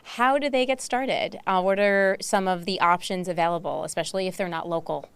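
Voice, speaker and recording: A woman co-host talks openly and emotionally about her own experience and laughs at herself. Her voice is smooth and clear, recorded close with a dry sound. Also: fairly low pitch, brisk, no room sound. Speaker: podcast co-host. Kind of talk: casual podcast chat.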